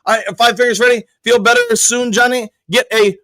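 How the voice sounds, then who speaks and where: Man, live sports podcast host, upbeat, reads chat comments aloud, bright voice, dry sound. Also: very high-pitched, steady tone, a little fast, no echo. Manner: loose and conversational, with frequent restarts and fillers.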